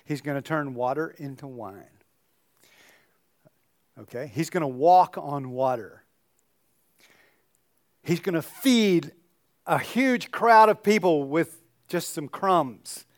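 A man's voice: a little high, animated, takes it slowly, long pauses, dry recording, studio quality. An older man, a pastor, giving a sermon in a conversational storytelling way with joking asides.

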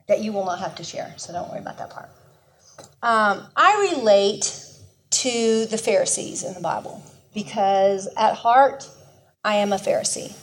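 A woman teaching a Bible lesson in an earnest, conversational way, often restarting her sentences and growing emphatic as she tells her own story. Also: mid-range voice.

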